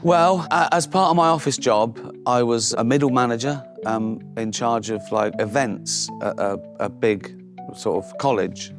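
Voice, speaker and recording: A man's voice: medium pitch, unhurried, hardly any pauses, over music. A middle-aged comedian telling anecdotes in casual chat, laughing often and mimicking the people in his stories. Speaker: comedian guest.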